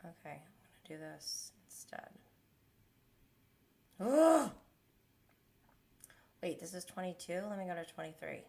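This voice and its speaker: A woman's voice: lowish voice, fairly even intonation, a little fast, gravelly, darkish tone. A young woman hosting a casual recap livestream, chatty and gossipy, who laughs often. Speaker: host of a reality TV recap livestream.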